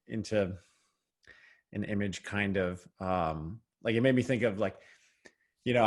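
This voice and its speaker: A man co-hosting a casual church podcast, thinking aloud with many fillers and restarts. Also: lowish voice. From United States. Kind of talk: casual faith discussion.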